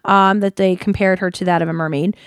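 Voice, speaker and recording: A woman co-hosting a casual podcast chat, giggly and quick to exclaim as she retells spooky folklore. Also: mid-range voice, steady tone, smooth, dry recording, clean studio sound. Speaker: podcast co-host.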